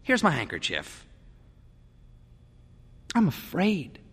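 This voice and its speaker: A man's voice: a little high, huge pitch swings, slow pace, a bit bright, slightly rough, in a large hall, voice pushed up, heavily acted. A man voicing a rattled husband who laughs nervously while trying to reassure his wife. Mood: shaken. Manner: shaky, overexcited reassurance.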